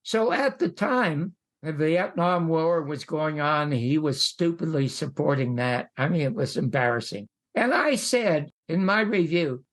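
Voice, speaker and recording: Older man telling a lively showbiz anecdote. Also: on the high side, unhurried, hardly any pauses. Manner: animated, acting out the voices of the people he quotes. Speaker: podcast guest. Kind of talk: anecdotal storytelling.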